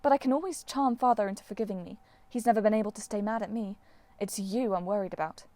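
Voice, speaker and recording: Brief: woman reader as composed huntress goddess, cool and wry, mid-pitched. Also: quick pace, natural voice. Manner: calm, dry, understated. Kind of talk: audiobook character voice.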